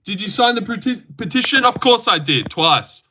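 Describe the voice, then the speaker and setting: A young man runs a casual livestream, answering his chat in a brash, swearing, teasing way. His voice sits a little high for a man and rings very bright and forceful. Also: big pitch swings, normal speed. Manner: brash and profane, banters with chat. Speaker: livestream host.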